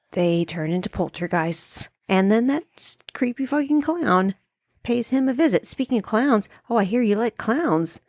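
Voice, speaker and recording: A woman's voice: mid-range voice, no echo, clean studio sound. A woman co-hosting a comedy podcast, chatting in a profane, sarcastic, joking way. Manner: profane, sarcastic, playful, deadpan jokes. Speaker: podcast co-host. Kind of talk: casual comedic chat.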